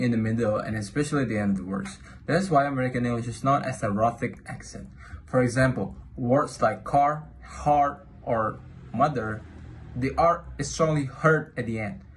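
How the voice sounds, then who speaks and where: A young man student reads his section of a class presentation at a measured pace. His voice is mid-pitched, and faint ambient noise sits behind it. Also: poor audio. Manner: measured scripted reading.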